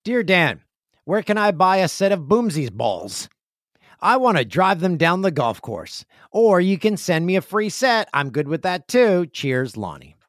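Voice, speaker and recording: Podcast host, male, chatty and joking, lively higher voice. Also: a little slow, dry recording, studio quality. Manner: chatty, jokey, acts out friends in loud high voices. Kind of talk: casual solo podcast chat. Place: home studio with stairs nearby.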